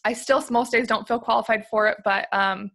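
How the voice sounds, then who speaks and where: A woman's voice: fairly high pitch, fairly even intonation, a little fast, vocal fry, fairly bright tone. A woman from Flint, Michigan, in her thirties, telling her personal story as a guest in a conference interview, candid and emotional with many fillers. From Flint, Michigan, USA. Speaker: interview guest, company field liaison.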